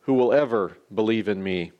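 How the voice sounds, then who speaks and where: A man voicing a calm, steadfast male defense attorney in a courtroom parable. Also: fairly low pitch, moderate pace, muffled recording, pitched below the performer's own voice, close to an everyday voice. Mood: solemn.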